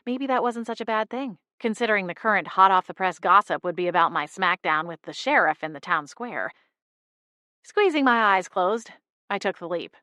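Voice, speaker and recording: A woman narrating a novel in the first person as an audiobook, wry and lively. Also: medium pitch, no echo, studio quality.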